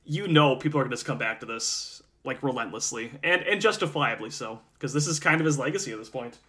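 Bright-voiced, animated male podcast co-host. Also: mid-range voice, quick pace. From Wisconsin. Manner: animated, laughs often, blunt opinions. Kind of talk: casual sports chat.

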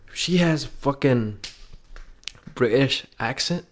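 A man's voice: mid-range voice, expressive, slow. A man from Indonesia co-hosting a podcast, chatting in an easygoing, eager way. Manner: easygoing, enthusiastic, says "bro" often. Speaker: podcast co-host. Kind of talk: casual chat.

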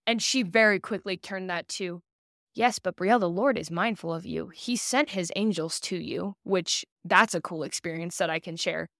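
A woman's voice: fairly low pitch, normal speed, creaky, a bit bright, no echo, clean studio sound. A young woman in her twenties, a podcast guest, telling a personal story in earnest and acting out the people she quotes. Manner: earnest, acts out quoted dialogue.

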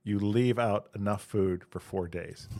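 A man with a low, gravelly voice co-hosts a comedy podcast. He spins long setup jokes at an easy pace and slips in quick puns, with fry scraping along the ends of his phrases. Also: mellow, no echo. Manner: joke-teller with punny quips. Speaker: podcast co-host. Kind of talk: casual comedic joke-telling.

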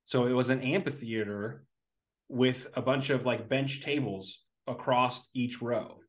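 A man's voice: medium pitch, steady tone, a little slow. A man co-hosting a podcast, telling stories in casual chat, rambling with lots of fillers and restarts. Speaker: podcast co-host.

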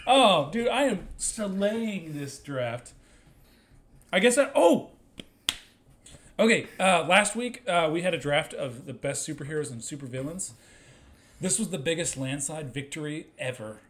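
A man's voice: a little high, animated, a little slow, a bit bright, slight background noise. A man co-hosting a podcast in casual banter, joking and teasing with frequent laughs. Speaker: podcast co-host.

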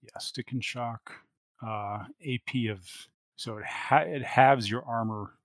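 A man's voice: medium pitch, steady tone, slow, no echo. Man game master narrating the action. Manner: narrates action and rules, with many fillers and restarts.

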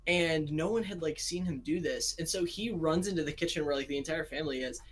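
A woman's voice: deep voice, a little fast, slightly rough, low-quality recording. American woman podcasting, rambly, keeps giggling, lots of ums. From United States. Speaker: podcast co-host. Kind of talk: casual chat.

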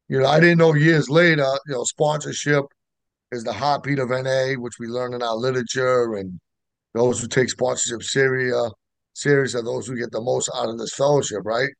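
A middle-aged man with a gravelly, creaky voice. He tells his recovery story in casual, slangy talk with lots of fillers. The sound is dry and close, with no room around it. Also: medium pitch, no room sound. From Boston area. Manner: emotional, street slang, many fillers. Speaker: guest sharing recovery story.

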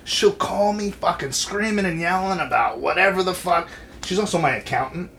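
A man's voice: sits high, normal speed, gravelly. A man in his thirties in casual, profane conversation, telling stories about family with lots of swearing. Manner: animated, swears freely. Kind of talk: casual chat.

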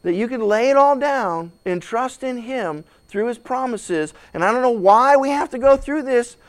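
Male pastor, high voice, preaching with big dramatic swings from hush to shout, stammering restarts. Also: lively intonation, moderate pace. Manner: repeats words when starting sentences. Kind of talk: sermon.

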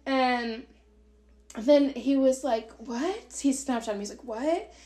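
Woman, twenties, podcast co-host; fairly high voice, lively storyteller who acts out the lines she quotes and curses casually. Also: measured pace. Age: 20s. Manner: animated, swearing, acts out quotes.

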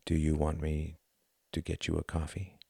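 A man voicing an earnest, intense German mentor who speaks in a measured, gentle way. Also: extremely low pitch, completely flat delivery, vocal fry, breathy edge, dry recording, clean studio sound, exaggerated voice.

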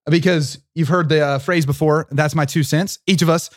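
A man's voice: on the high side, steady tone, no room sound, studio quality. Upbeat man introducing a faith podcast. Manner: quick, upbeat, joking. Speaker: podcast co-host. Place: studio.

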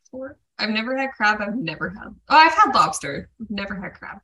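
A woman co-hosting a podcast, chatting casually with emphatic, drawn-out reactions. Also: medium pitch, very animated, pushed and bright, breathy edge. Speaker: podcast co-host. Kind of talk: casual chat.

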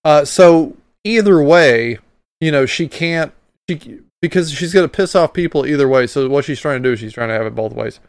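A man's voice: a little high, animated, normal speed, dry recording. A man hosting a podcast, commenting bluntly and with exasperation on a hearing clip. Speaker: podcast host.

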